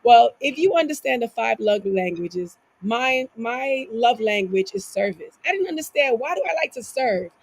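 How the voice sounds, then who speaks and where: Female life coach guest, earnest and motivational, slightly high, gravelly delivery. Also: animated, normal speed, hardly any pauses, rough recording. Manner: earnest, motivational, asks herself rhetorical questions. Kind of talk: casual conversation.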